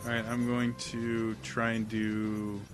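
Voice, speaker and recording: A man's voice: lowish voice, monotone, slow, music in the background. A man running an online tabletop game as game master, talking in a casual, easygoing way over voice chat.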